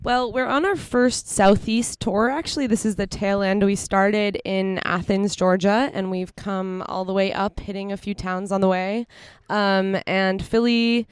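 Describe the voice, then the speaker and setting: A woman who sings in a band, relaxed as a guest in a casual interview, telling stories and laughing easily. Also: mid-range voice, unhurried, smooth, no room sound. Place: outdoors on a city street.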